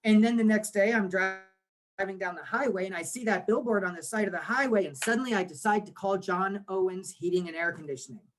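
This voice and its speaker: A man in his forties, a guest on an interview podcast, explaining things with lively rhetorical questions. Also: high voice, brisk. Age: 40s. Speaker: guest, marketing agency owner.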